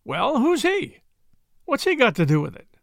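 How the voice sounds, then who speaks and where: A man's voice: very high-pitched, creaky, no room sound, clean studio sound, voice pushed up, full character voice. A man voicing a nervous, jocular traveling salesman who fires off anxious questions in a storybook reading. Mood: bewildered. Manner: excited rapid questions.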